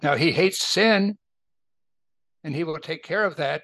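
The older man leading this Bible study has a gravelly, bright voice a bit above usual male pitch, and he talks at a moderate pace with lively intonation. He's chatty, regularly checking that listeners follow and agree, and the recording is close and dry with no room sound.

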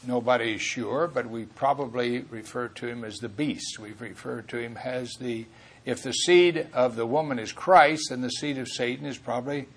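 Man, preacher, Bible teaching sermon, earnest, self-correcting, mid-pitched. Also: breathy edge.

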